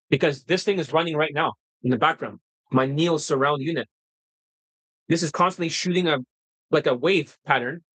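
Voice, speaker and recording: A man hosts a dating-coach livestream, ranting off the cuff in a blunt, profane, combative style. He is excitable and keeps flaring into heated outbursts. His voice is on the high side, and the recording is rough.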